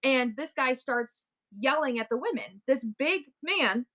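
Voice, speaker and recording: A middle-aged woman hosting a live selling stream, telling a story in a rambling, animated way full of asides and restarts. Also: high voice, unhurried. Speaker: live-stream seller and host. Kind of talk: casual storytelling chat.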